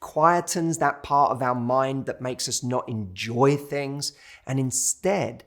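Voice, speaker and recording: A man's voice: mid-range voice, slow, a bit bright. A man with a British accent giving relationship advice straight to camera and telling a story to make his point. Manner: storytelling, acts out quoted waiters. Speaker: dating coach. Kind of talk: direct-to-camera advice talk.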